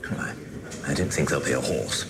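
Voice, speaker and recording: An actor playing a stiff, formal British official in colonial India who speaks with an upper-class British accent. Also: male voice, extremely low pitch, expressive, a little fast, gravelly, background noise, exaggerated voice. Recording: film clip with long reverb and faint ambience.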